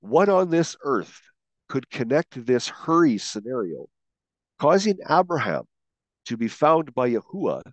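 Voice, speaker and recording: A man teaching a Bible word study, slowly asking questions and stressing key words as he goes. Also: medium pitch, dry recording, dull audio. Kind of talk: scripted teaching narration.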